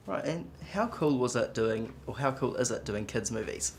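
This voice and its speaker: A woman interviewer asking short questions and moving briskly from one to the next. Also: extremely low pitch, animated, a little hiss or hum. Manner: brief, short questions opening with "right, and".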